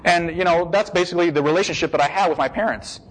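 An American man giving a personal testimony in a lively storytelling manner. He acts out the voices of the people he quotes and repeats words for emphasis. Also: on the high side, fast, poor audio. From United States. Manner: emphatic repetition.

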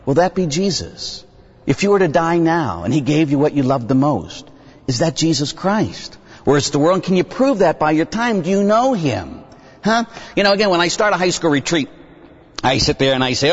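A middle-aged priest preaches with a lively, swooping delivery, jumping into excited voices as he plays out back-and-forth exchanges. His voice sits a little high for a man. The recording is muffled and carries a long hall echo. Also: brisk. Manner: animated, acts out dialogue with kids, bursts into high excited voices. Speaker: Catholic priest. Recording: dull sound with long hall reverb.

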